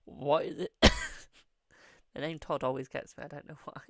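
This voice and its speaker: A man's voice: on the high side, level tone, normal speed, fairly bright tone, no room sound, studio quality. A man with a British accent giving a live-streamed tarot reading, laughing helplessly through his sentences. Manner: giggling helplessly, breaking into laughter mid-sentence. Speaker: tarot reader.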